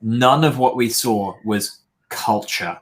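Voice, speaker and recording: A man's voice: medium pitch, slow pace. A British man co-hosting a podcast, reviewing films with dry, teasing humor. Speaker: podcast co-host. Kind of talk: casual chat and film review.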